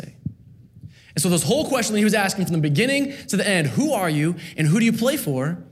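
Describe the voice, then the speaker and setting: Male preacher, high voice, earnest sermon delivery with rhythmic repeated phrases. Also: big pitch swings, fairly quick. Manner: earnest, rhythmic repetition with rising emphasis.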